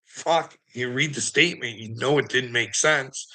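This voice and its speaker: A man's voice: mid-range voice, moderate pace, pushed and bright. A man ranting casually to his viewers, swearing constantly, rambling and laughing between thoughts. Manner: profane, rambling, laughing often.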